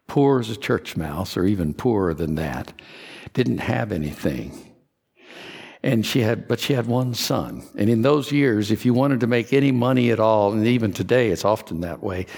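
A man from Kentucky preaching a sermon, telling a personal story in an earnest, confessional way with soft asides. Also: on the low side, gravelly, long reverb tail. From Kentucky, USA.

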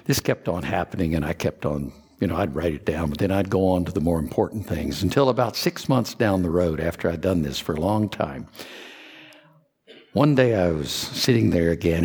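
A man from Kentucky preaching a sermon, telling a personal story in an earnest, confessional way with soft asides. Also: low voice, moderate pace, husky, in a large hall. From Kentucky, USA.

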